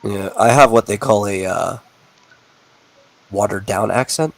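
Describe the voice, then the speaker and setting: A man's voice: fairly low pitch, measured pace, creaky, dry recording, poor audio. A man co-hosting a casual livestream, answering in a dry, matter-of-fact way. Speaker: co-host.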